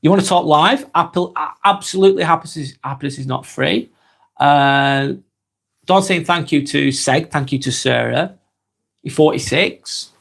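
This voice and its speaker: A man in his forties with an East Lancashire accent, hosting a live stream and reading out viewer comments in a slow, halting way with many ums. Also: on the high side, vocal fry, fairly bright tone. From England. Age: 40s.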